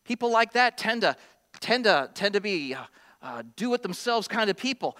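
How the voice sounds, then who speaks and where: A male pastor delivering a sermon with a bright, forceful tone. He acts out the voices of his congregation, climbing into high, loud exclamations, then sinks low and slow for earnest points. His delivery is animated and conversational. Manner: animated, acts out quoted voices, dramatic pitch swings.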